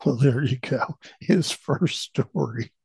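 A middle-aged man hosts part-time and tells a funny personal story with playful, acted-out voices. His pitch sits in the middle for a man, and the sound is dry with no room around it. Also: slow pace, gravelly, darkish tone, slightly rough, no room sound.

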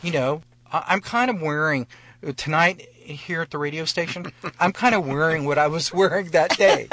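A man's voice: a little high, moderate pace, sharp tone, slight background noise. A man telling a travel story as a guest on a live radio show, acting out the officials he met and chuckling often. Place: radio studio.

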